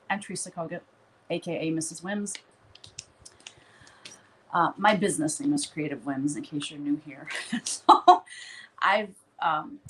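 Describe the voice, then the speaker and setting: A woman's voice: on the low side, a little hiss or hum, poor audio. A woman hosting a live stream from her studio, chatting casually in a rambling way and laughing often.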